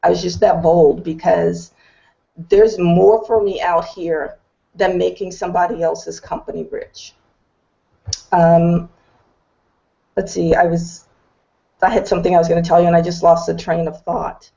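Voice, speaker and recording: A woman's voice: lowish voice, level tone, unhurried, gravelly, long pauses, warm tone, highs cut off. A middle-aged woman giving an earnest, determined personal testimony on an online video call. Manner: earnest, determined, candid storytelling. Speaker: business testimonial speaker.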